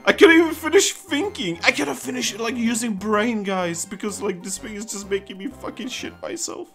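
A let's play commentator giving casual gameplay commentary, excitable, swearing and laughing often. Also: mid-range voice, measured pace, faint music behind.

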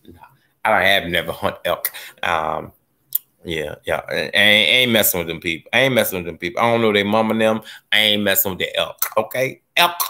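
A man hosting a gardening live stream, chatting casually as he reads viewer comments, joking and laughing, his voice swooping from low mutters up to high squeals. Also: brisk, pushed and bright. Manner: playful, laughs often. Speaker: gardening livestream host.

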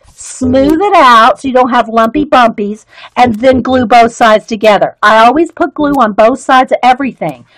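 A woman hosting an art supplies live stream from her home craft studio, with a fairly high voice. She talks to viewers in a loose, giggly way, with lots of ums and restarts. The sound is dry and close. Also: no room sound, low-quality recording. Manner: chatty and giggly, with many fillers and restarts. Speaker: art and craft livestream host. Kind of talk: casual live-stream chat, reading viewer comments.

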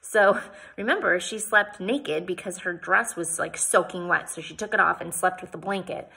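Bright, husky woman reading a novel aloud. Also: on the low side, normal speed. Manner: casual asides between read passages, voices the characters. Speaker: book reader.

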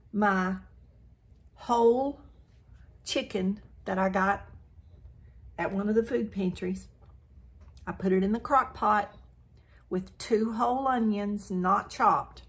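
Speaking with vocal fry, this older cooking vlogger has a medium-pitched, husky voice with a slightly bright edge. She chats to the camera in a Southern country accent as she cooks in her kitchen at home, frequently saying "y'all."

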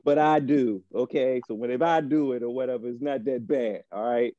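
A man co-hosting a casual podcast, rambling loudly and joking with profanity. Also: mid-range voice, brisk, dull audio, slight background noise. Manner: loud, rambling and joking, with frequent laughter. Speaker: podcast co-host.

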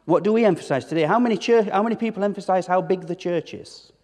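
A pastor preaches emphatically in a church hall, throwing rhetorical questions at the congregation and repeating words as he builds his point. His voice sits high, a little mellow, with a quick pace. Long church-hall reverb trails every phrase.

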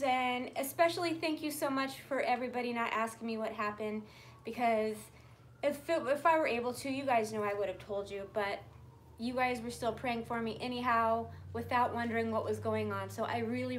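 A woman hosting a casual live-stream handbag sale from a room at home. She chats in a friendly way and coos at her pets in a high voice. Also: slight background noise. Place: room at home in natural light, pets nearby.

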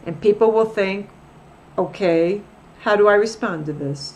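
Slow, patient woman teaching a lesson. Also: mid-range voice, pushed and bright. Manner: patient, repeats example phrases slowly. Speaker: Spanish teacher. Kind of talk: recorded grammar lesson.

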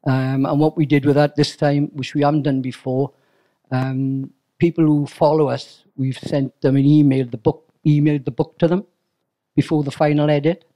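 Older guy rambling through a story for a club crowd, voice sits a bit high, lots of ums and restarts. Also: little pitch movement, normal speed, warm tone. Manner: chatty storyteller, acts out dialogue, fillers and repeats. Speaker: guest speaker, crime novelist. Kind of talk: anecdotal talk to a club audience.

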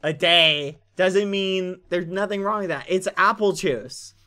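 A man's voice: high voice, unhurried, pushed and bright, soft background music. A man streaming a game, arguing in comedic in-character role-play with an indignant, insistent, dramatic manner.

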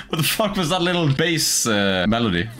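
A man streaming a game in casual commentary, excitable, swearing often and laughing a lot. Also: on the high side. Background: game music.

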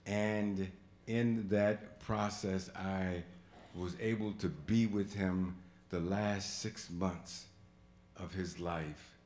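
Storyteller, male, slow deliberate delivery, bright voice, echoey hall, swings from hushed to loud. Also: deep voice, fairly even intonation, a little hiss or hum. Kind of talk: live stage storytelling. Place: museum auditorium before a live audience.

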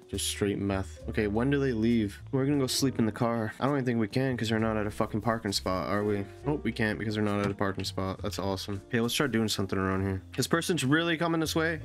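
A man giving profane, excitable let's-play commentary as a gaming YouTuber, often yelling at the game. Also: medium pitch.

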